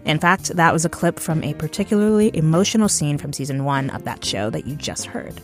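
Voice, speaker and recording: Low-voiced woman podcast host. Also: lively intonation, brisk, soft background music. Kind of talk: podcast hosting and casual chat.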